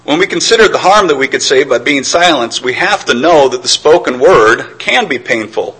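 Middle-aged male preacher, husky tone, earnest and reflective sermon delivery. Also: mid-range voice, expressive, normal speed, fairly bright tone, low-quality recording. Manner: earnest, reflective, with stammered restarts.

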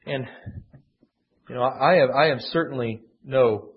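A man's voice: mid-range voice, moderate pace. A man teaching a conversational Bible lesson, digressive and emphatic, often restarting his sentences. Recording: dull lo-fi classroom recording.

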